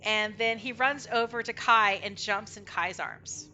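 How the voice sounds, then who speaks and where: A woman game master narrating a tabletop game with lively, animated delivery. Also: medium pitch, a little slow, faint music behind.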